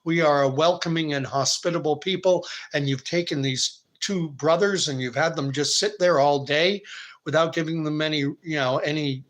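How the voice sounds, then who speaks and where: A man's voice: a little high, normal speed, natural voice. A man voicing a flustered village husband caught between his wife and his guests. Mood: angry.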